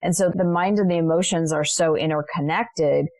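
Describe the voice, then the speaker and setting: Podcast guest: woman, middle-aged, lowish voice, dry studio sound, earnest storyteller. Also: fairly even intonation, normal speed, a little mellow, dry recording. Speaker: guest, coach. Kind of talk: podcast interview.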